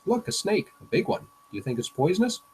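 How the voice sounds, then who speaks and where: An excitable, curious young cartoon boy, put on by a man reading a comic strip aloud. The voice sits clearly higher than an adult's speaking voice and tumbles from one eager question to the next. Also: a little hiss or hum, low-quality recording. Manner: eager, rapid-fire questions.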